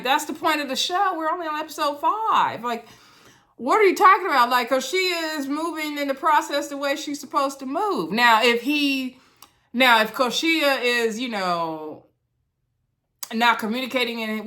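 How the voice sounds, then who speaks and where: A woman casually recapping a reality dating show, acting out the cast members' lines and laughing as she talks. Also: a little high. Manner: animated, acts out cast members' lines in quotes, laughs often. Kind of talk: casual chat.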